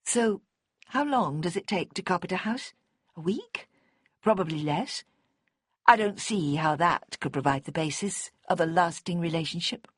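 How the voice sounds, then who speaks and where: A thoughtful grown woman florist, polite and gently sympathetic, as a woman reader plays her. Her voice is on the low side with a husky, breathy texture, recorded close and dry. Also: expressive, normal speed, no echo.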